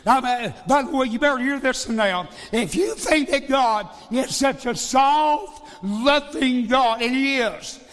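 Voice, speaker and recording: High-voiced preacher man in a reverberant hall. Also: measured pace, few pauses, a bit bright. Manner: emphatic, repeats phrases, rhetorical questions. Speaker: evangelist preacher. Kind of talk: sermon.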